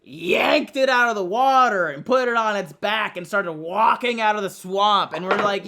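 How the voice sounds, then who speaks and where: High-voiced young man with dry jokes. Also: moderate pace, few pauses, noisy background. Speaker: podcast co-host, comedian. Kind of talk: casual podcast chat.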